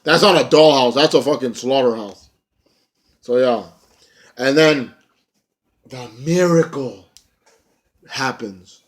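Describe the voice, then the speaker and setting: A man's voice: mid-range voice, slow, long pauses. Profane, ranting young man reviewing wrestling. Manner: blunt, profane, animated ranting with mocking impressions. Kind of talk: casual video review.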